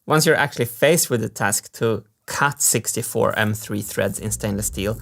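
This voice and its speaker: A man narrating a workshop vlog, enthusiastic and quick to laugh. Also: fairly low pitch, creaky. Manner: excitable, laughs often, enthusiastic. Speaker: maker and engineering video creator.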